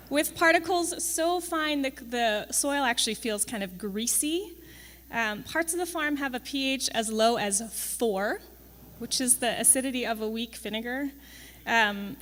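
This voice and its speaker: A young campus farm manager gives a conversational presentation in a large event hall, with long reverb in the recording. Her voice sits high and a bit bright, and she's chatty and wry, using frequent ums and tag questions.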